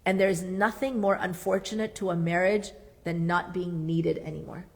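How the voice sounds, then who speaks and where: A woman's voice: lowish voice, steady tone, moderate pace, darkish tone. A woman psychotherapist leading a marriage workshop. She talks earnestly and emphatically, repeats her key points and adds playful asides. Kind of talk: workshop talk.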